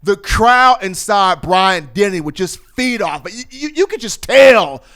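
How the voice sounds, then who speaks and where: High, smooth-voiced man hosting sports talk. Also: measured pace. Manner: animated, playful storytelling. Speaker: sports show host. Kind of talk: energetic sports talk commentary.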